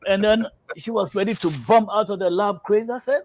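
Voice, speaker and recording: A man's voice: high voice, fairly even intonation, a little fast. A man hosting a health show, telling a lab prank story with many fillers and then reading out test result guidance.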